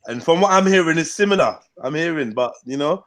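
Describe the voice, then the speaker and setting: A man's voice: a little high, animated, fairly quick. A man hosting a casual livestream, teasing his guests and laughing often. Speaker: livestream host.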